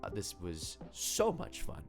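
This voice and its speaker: A man's voice: fairly low pitch, wildly swooping pitch, measured pace. A young man acting as game master, thanking his players and viewers in a rambling, upbeat way with faint music behind him. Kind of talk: closing thanks on a live stream.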